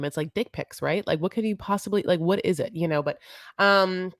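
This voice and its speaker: A woman's voice: on the low side, sing-song, quick pace, no room sound, clean studio sound. A woman co-hosting a podcast, casually recapping a reality show in a rambling, chatty way and calling her co-host honey.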